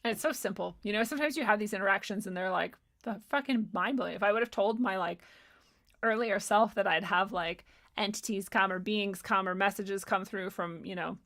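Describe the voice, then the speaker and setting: A woman's voice: medium pitch, brisk, fairly bright tone. A woman hosting a spiritual livestream, talking casually and candidly, swearing freely and laughing often as she rambles through her thoughts and reads out viewer comments.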